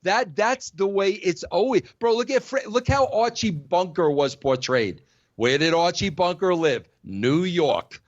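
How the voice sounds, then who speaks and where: A man's voice: sits high, lively intonation, measured pace, dry recording. Emphatic middle-aged man arguing, dry lo-fi sound. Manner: emphatic, says "bro" a lot. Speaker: podcast host. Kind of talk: heated casual debate.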